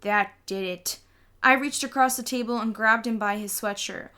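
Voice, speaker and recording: A woman reading a children's novel aloud in a lively storytelling way. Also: a little high, normal speed. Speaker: audiobook reader.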